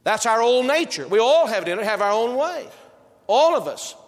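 A man's voice: very high voice, big pitch swings, normal speed. A male preacher delivering a sermon with an emphatic, repetitive preaching cadence, recorded in a church sanctuary. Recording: reverberant hall.

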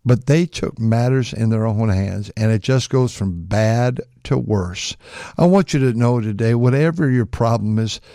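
An older man, a pastor, preaching a folksy sermon with frequent restarts, acting out quoted voices in a higher pitch. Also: unhurried, warm tone, no echo, clean studio sound.

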